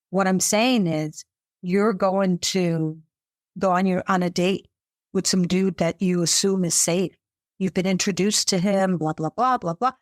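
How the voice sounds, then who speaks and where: A middle-aged woman psychotherapist, speaking as a guest in an interview, expressive and acting out her clients' voices. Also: medium pitch, dry recording. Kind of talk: interview conversation. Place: US capital region.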